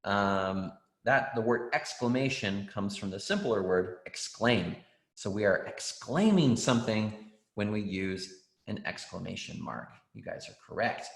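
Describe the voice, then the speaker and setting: A man's voice: on the low side, measured pace, vocal fry. Man teaching a kids' class, roomy. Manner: encouraging, reads out student answers, frequent ums. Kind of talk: online writing class for kids. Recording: roomy echo.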